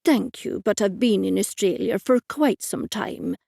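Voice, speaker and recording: A man's voice: high-pitched, a little slow, vocal fry, dark tone, no room sound, studio quality, heavily acted. A woman voicing a curt, guarded Irish man staying as a guest in a storybook mystery, giving short, unhelpful replies.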